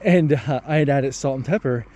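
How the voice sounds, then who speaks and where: A man vlogging, telling a personal story in a reflective, hesitant way with many pauses and restarts. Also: medium pitch, warm tone.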